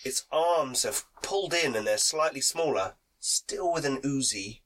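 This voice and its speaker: A man's voice: mid-range voice, expressive, a little slow, fairly bright tone, slight background noise, low-quality recording. A man with a cold, narrating a tabletop game as game master, chatty and laughing as he describes scenes. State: has a cold.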